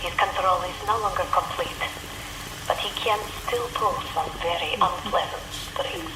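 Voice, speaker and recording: An actress voicing a measured woman scientist in a video game, speaking slowly and deliberately. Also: fairly low pitch, noisy background, close to an everyday voice. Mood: grave. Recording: roomy game audio with loud music.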